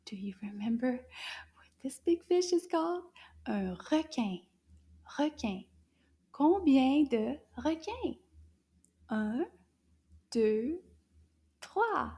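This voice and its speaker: A woman with a high, airy voice leads a children's French lesson. She takes her time, gasps with delight and often drops into soft half-whispers. She switches between French and English and coaxes young listeners to repeat after her. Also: takes it slowly, pauses often, breathy edge. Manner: animated and exaggerated, gasping with delight, dropping into soft half-whispered asides.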